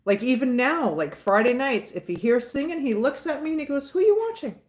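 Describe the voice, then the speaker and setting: A woman's voice: on the high side, expressive, a little fast. A woman with a Southern US accent chatting casually with her live viewers, outspoken and rambling, often repeating herself. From Southern United States. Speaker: livestream host answering chat.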